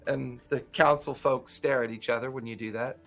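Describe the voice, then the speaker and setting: A man runs a tabletop game as game master. He narrates in a relaxed, conversational way, guiding the players through the scene. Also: medium pitch, moderate pace, creaky, faint music behind.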